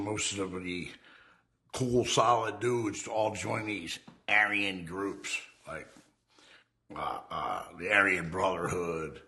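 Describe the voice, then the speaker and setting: Middle-aged male interviewee, gravelly voice, streetwise and profane, animated storyteller. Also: sits low. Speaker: interviewee recounting his criminal past. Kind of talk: candid documentary interview storytelling.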